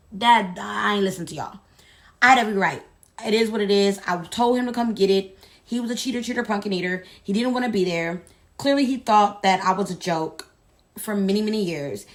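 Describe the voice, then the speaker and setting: A woman chatting casually to her viewers, retelling a story in an animated, sassy way. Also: medium pitch. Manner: animated, sassy, drawn-out dramatic retelling with asides like "baby". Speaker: storyteller vlogger.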